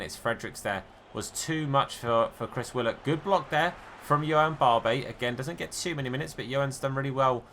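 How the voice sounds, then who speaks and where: A man and gaming YouTuber giving chatty, self-deprecating live commentary over his own football video game, swinging between excited and deflated. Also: medium pitch, slight background noise.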